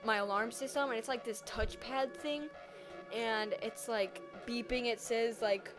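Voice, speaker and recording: A teenage girl telling a personal story in a casual vlog, animated and dramatic, acting out her own reactions. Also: fairly high pitch, a little slow, over music. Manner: animated, dramatic retelling with acted-out quotes.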